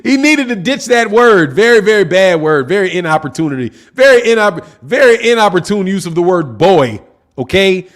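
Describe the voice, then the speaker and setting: A man's voice: high-pitched, sing-song, moderate pace. A man hosting a boxing channel, chatting casually to his live chat in slang, repeating himself for emphasis. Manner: slangy, repetitive, talks to chat. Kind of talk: casual livestream commentary.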